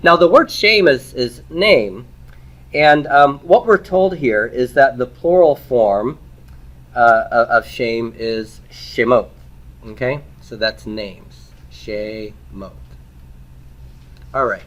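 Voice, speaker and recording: A man's voice: medium pitch, slow pace, fairly bright tone. A man teaching a grammar class in a plain, mid-range voice. He builds each point in small steps, tosses questions to the listener and answers them himself. Short "okay?" and "right?" tags keep checking that the class is following. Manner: explains step by step with frequent "okay?" and "right?" checks. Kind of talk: recorded classroom lecture.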